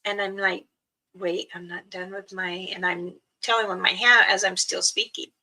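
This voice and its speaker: A mother casually telling a personal story, chatty and laughing often, acting out her children's voices and hushing her own quoted words. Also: medium pitch, fairly even intonation, normal speed, poor audio.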